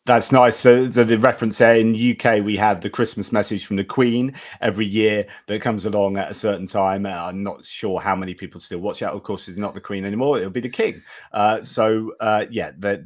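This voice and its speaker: A British man with a lowish voice hosts a live stream in a loose, chatty way. He drifts into asides and keeps thanking his viewers. His talk is relaxed and conversational. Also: moderate pace. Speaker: host of a live chat stream. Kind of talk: casual live chat.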